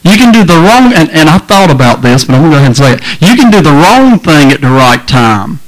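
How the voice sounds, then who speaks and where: A middle-aged man preaching a lively, joking sermon to a youth crowd in a large hall. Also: fairly high pitch, fast talker. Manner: folksy, joking, crowd-engaging.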